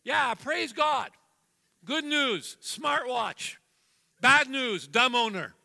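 An older man in his sixties delivers a sermon with a high, very bright voice. He is jovial and self-deprecating, acting out family stories in playful voices. A long reverb trails his words through the church. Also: animated, very slow, creaky. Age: 60s. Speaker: guest preacher. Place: church sanctuary.

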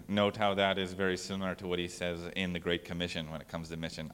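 A man's voice: low voice, flat delivery, a little fast, hardly any pauses, fairly bright tone, smooth, big-room sound. A man preaching a casual sermon as pastor, talking conversationally with restarts and fillers.

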